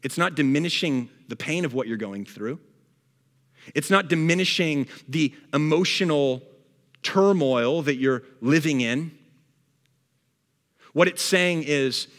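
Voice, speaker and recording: A man preaching a sermon, reading scripture aloud and acting out a grumbler's complaints with lively energy. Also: fairly high pitch, a little slow, pauses often, in a large hall. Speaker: pastor. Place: church hall.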